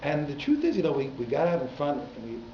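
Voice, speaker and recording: A rabbi teaching a class at a community synagogue, telling stories animatedly and repeating words for emphasis. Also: male voice, a little high, huge pitch swings, fast. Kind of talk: storytelling lecture. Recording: echoey, dull hall recording with faint noise.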